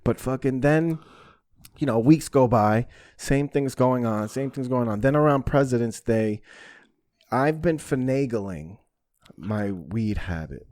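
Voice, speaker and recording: Podcast host guy, swears a lot, animated storytelling, dry close sound. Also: mid-range voice, unhurried, no echo. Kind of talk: casual chat.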